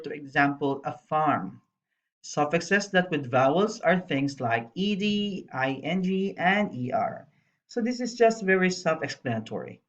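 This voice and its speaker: Female primary teacher, unhurried and patient, recorded lesson narration with a slightly muffled sound. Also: lowish voice. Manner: slow, spells letters out, explains patiently. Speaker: primary school English teacher. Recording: dull lo-fi voice-over.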